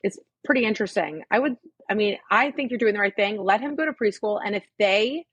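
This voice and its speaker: A woman's voice: mid-range voice, lively intonation, brisk, a bit bright, slightly rough, no echo, dull audio. A woman co-hosting a podcast, talking frankly and swearing freely in casual chat. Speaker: podcast co-host.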